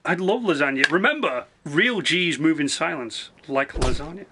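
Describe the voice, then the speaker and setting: Bright-voiced swearing game streamer man. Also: fairly high pitch, expressive, slight background noise. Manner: rambling, swears freely, quick asides. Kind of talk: casual live-stream chat.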